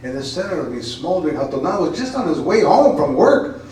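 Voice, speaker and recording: A man's voice: a little high, big pitch swings, fairly quick, darkish tone. A man, a poet at a college event, who chats loosely with repeated words and then reads his poem intensely. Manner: rambling and repeats words in talk, intense and emphatic when reading. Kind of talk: informal remarks then a dramatic poetry reading. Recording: echoey room, voice from far off.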